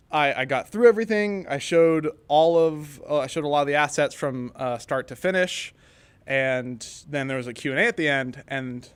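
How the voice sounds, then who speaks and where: A young man, a student on a class game project, chatting casually on a panel as a relaxed storyteller who laughs easily. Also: medium pitch, clean tone.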